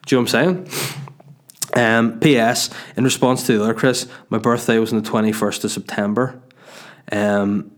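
A man hosting his own podcast from his dining room, telling a profane, self-mocking, rambling story with stumbles and restarts. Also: medium pitch. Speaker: podcast host and stand-up comedian. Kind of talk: casual solo podcast storytelling.

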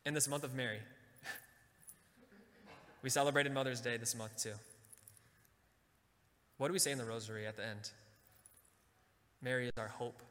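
Bright-voiced man preaching in a hall. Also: mid-range voice, steady tone. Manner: leads audience in repeating lines; slows and drops to a soft, quiet voice for emphasis. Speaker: Catholic speaker. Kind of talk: sermon talk with call-and-response.

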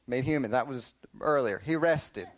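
A man teaching a lively Bible lesson to children, quizzing them and often calling "listen up" to get their attention. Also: medium pitch, normal speed. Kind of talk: animated Sunday school lesson.

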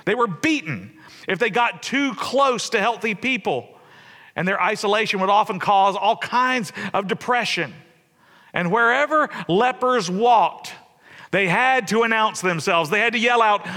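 A man delivers a sermon in a church, his fairly high voice bright and forward. He tells the story in a conversational way, swinging between loud and soft, and his words ring out with a long reverb from the room. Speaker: pastor.

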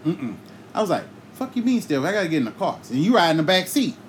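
A man hosting a podcast, telling a comic story in a loose, profane, animated way and breaking into sung bits now and then. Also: on the high side, fast talker, slight background noise. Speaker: podcast host.

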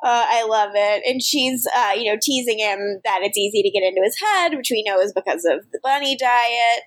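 A woman's voice: fairly high pitch, normal speed. A woman co-hosting a podcast, animatedly recapping episodes in casual chat and laughing often. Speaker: podcast co-host.

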